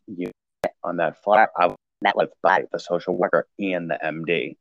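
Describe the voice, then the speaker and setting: Gravelly low-voiced man, halting storyteller. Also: fairly even intonation, no room sound, dull audio. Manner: halting, many restarts and fillers. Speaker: podcast guest sharing recovery story. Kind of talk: casual conversational storytelling.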